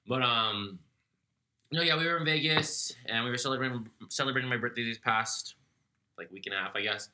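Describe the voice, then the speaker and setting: A man's voice: medium pitch, fairly quick, background noise. A man in his twenties hosting a casual podcast chat, sounding congested, laughing and swearing often. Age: 20s. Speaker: podcast host.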